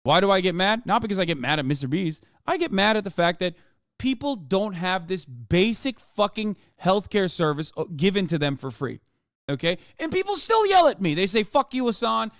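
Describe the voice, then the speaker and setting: A man's voice: high-pitched, very animated, normal speed, dry recording, studio quality. A man in his thirties streaming live, ranting in a heated, profane, argumentative way. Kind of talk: livestream reaction rant.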